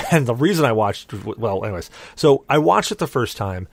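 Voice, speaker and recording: A young adult man, the podcast host, telling a rambling, animated story with lots of restarts. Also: medium pitch, moderate pace, gravelly, no echo. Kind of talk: casual storytelling.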